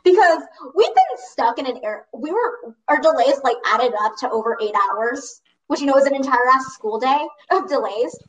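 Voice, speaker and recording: A teenage girl casually telling a long story to a friend, animated, filling her talk with "like" and laughing as she goes. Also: sits high, moderate pace, few pauses, distant mic, poor audio. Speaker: storyteller recounting a school trip.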